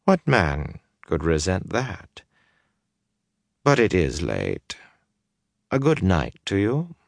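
A man reading an audiobook voices a haughty, overly polite older high lord who speaks slowly and coolly. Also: huge pitch swings, creaky, no echo, clean studio sound, full character voice. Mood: cool politeness. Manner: languid, slow and coolly polite.

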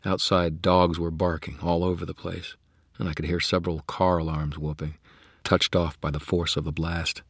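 A man narrates a first-person story in a gritty, understated manner, his voice extremely deep and rough with fry. The tone is husky rather than clean, recorded close and completely dry. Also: level tone, normal speed, no room sound. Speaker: audiobook narrator.

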